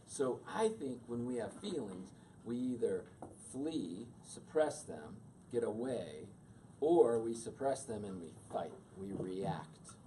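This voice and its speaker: A man in his fifties, a workshop speaker telling a personal story to an audience in a conversational, animated way. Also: medium pitch, slow, a little hiss or hum. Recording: distant mic with faint room ambience.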